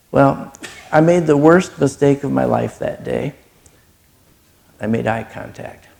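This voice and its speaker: Middle-aged man, charity speaker, earnest storyteller; heavy vocal fry, mid pitch. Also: a little mellow. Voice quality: gravelly. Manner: earnest storytelling, gets choked up. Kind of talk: personal testimony talk.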